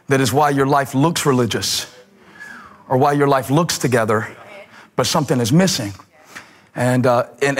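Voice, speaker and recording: A man preaching a sermon in a husky, slightly breathy voice at a middle pitch. He builds rhythm through repeated phrases and sinks to a near hush on key words. Pastoral and emphatic, speaking to a congregation.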